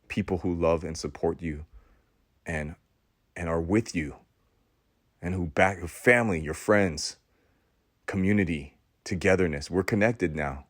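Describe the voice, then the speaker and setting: A man with a very low voice delivers an intense, preachy monologue, hammering words by repeating them. He lurches from loud bursts down to hushed murmurs. The sound is close and dry, with no room echo. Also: a little slow, long pauses. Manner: swings between loud outbursts and hushed, low passages. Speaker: podcast host. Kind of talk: impassioned spoken monologue.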